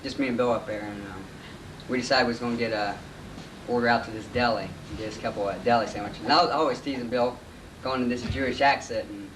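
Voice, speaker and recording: A man's voice: mid-range voice, fairly even intonation, quick pace. A man telling a roast story to a crowd in a folksy, loose way. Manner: folksy, loose grammar, jumpy delivery. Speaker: roast speaker. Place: party hall with an audience. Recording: distant home video mic, hiss and crowd.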